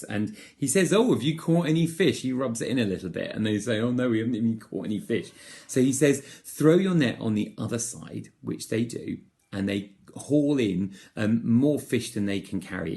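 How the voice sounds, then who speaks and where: Male church leader, all-age talk, storytelling, slightly low gravelly voice, gentle. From England. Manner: gentle, storytelling, asks listeners questions.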